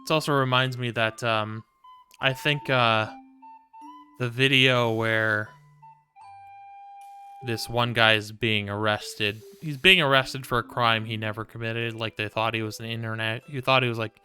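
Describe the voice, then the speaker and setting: Bright-voiced, swearing male game streamer. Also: medium pitch, clean tone. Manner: rambling, swears freely, coos to his cat. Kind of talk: casual gameplay commentary.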